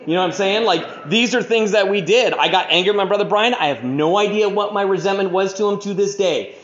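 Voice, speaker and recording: A man with a fairly high voice talks fast to a listening crowd, rambling through his story and filling it with "you know" and grim jokes. The recording sounds dull and lo-fi. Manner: rambling, full of "you know", dark humor. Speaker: speaker sharing his recovery story. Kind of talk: candid storytelling to an audience.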